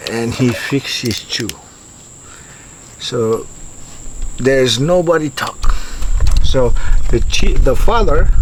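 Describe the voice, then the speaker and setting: A man from Yap tells a folk legend in the open air, slowly and unhurriedly, in simple broken English with pauses and restarts. His voice sits a little high for a man, and faint crickets and insects are behind him. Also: a little hiss or hum, rough recording. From Yap, Micronesia. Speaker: storyteller. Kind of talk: telling a local legend.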